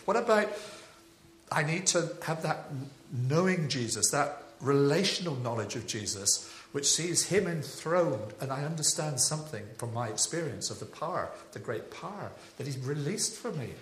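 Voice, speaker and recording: A man from Devon, preaching a sermon in a chatty, anecdotal way with animated rises. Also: medium pitch, normal speed, a little hiss or hum. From England (Devon). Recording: echoey hall with faint ambience.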